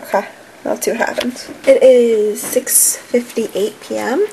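A bubbly teenage girl talking straight to her camera at home, in a slightly high voice that is full of "like" fillers. A faint hum of room noise sits behind her. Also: steady tone, measured pace, vocal fry, warm tone, low-quality recording. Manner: bubbly, chatty, lots of "like" fillers. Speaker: vlogger. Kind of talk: casual vlog chat.

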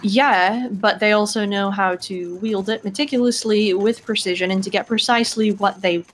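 A woman speaking in character during a tabletop game, measured and deliberate. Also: medium pitch, fairly even intonation, rough recording. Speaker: player.

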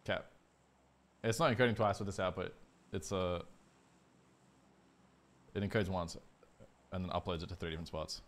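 A man with an Australian accent, streaming a shooter game with fast joking banter and trash talk. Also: sits low. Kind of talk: casual chat while livestreaming a shooter game. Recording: loud game gunfire behind voice.

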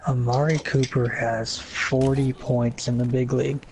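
A man's voice: medium pitch, flat delivery, background noise. A young man chatting casually with friends during a live game stream, joking and acting out quotes. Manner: playful, acts out quotes, quick bursts of laughter.

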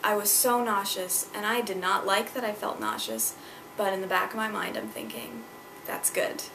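A woman's voice: mid-range voice, steady tone, moderate pace, gravelly, noisy background. A young woman vlogging at home about her pregnancy, chatty and emotional, with lots of fillers, on a camera mounted on a tripod. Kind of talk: casual personal vlog. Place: at home indoors. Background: clock chiming Christmas carols.

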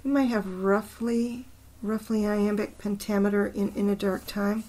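Slow, thoughtful woman chatting about poems. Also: medium pitch, level tone, warm tone. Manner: thinking aloud, murmuring syllable counts under her breath; slow and unhurried, with fillers. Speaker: poetry channel host. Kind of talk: casual talk about poems, reading aloud.

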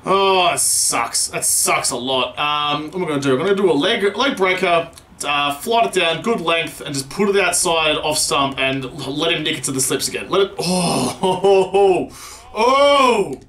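A young man giving live gameplay commentary, excitable, swearing often and shouting at big moments. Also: on the high side, moderate pace. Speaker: gaming channel host. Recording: roomy echo.

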